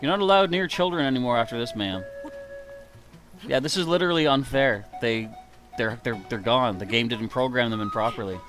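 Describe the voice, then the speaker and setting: A man's voice: mid-range voice, a little fast, over music. A man streaming a game live, joking and mock-outraged at it as he plays. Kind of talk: casual live gaming commentary.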